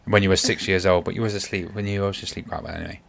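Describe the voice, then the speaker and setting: A middle-aged man with a fairly low voice chats casually on a family podcast. He rambles through his stories, doubling back to correct himself as he goes. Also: fairly even intonation, rapid-fire, vocal fry, fairly bright tone. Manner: rambling, self-correcting storyteller. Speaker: podcast host, father.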